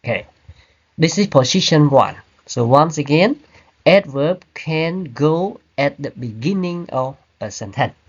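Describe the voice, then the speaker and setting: Slow-talking teacher explaining grammar. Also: male voice, fairly high pitch, expressive, husky, muffled recording. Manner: slow, repetitive explaining with "right?" and "okay?" checks. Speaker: English teacher. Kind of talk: online grammar lecture. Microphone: computer mic on a video call.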